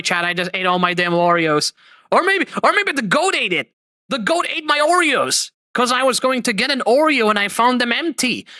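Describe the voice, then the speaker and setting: Expressive, animated man streamer. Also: high voice, no room sound. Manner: expressive, laughing, mock-outraged rants. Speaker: streamer host. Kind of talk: livestream reaction chat.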